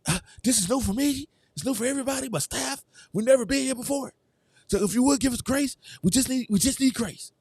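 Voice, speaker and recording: A man putting on the voice of a female basketball coach, speaking softly and earnestly as she pleads for patience. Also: very high-pitched, brisk, slightly rough, no room sound, clean studio sound, voice pushed up, exaggerated voice. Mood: pleading softly.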